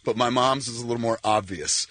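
A man in his forties telling stories as a guest on a talk show, acting out quotes with lively voices. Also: medium pitch, fairly quick. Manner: animated storyteller, acts out quotes. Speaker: filmmaker guest. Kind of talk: casual talk-show storytelling.

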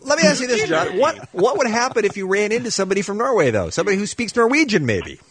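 Man, radio host, quick lively delivery, slightly husky, dry studio sound. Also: high-pitched, no echo. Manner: fast, animated, laughing. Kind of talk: morning radio banter.

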